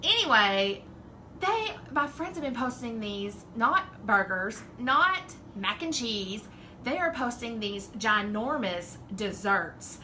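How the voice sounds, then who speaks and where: A woman's voice: fairly high pitch, very animated, slow pace, pushed and bright, slight background noise, poor audio. A woman with a Southern drawl chatting casually and rambling as the host of a home craft livestream. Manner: chatty, rambling, laughs often. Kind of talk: casual live-stream chat.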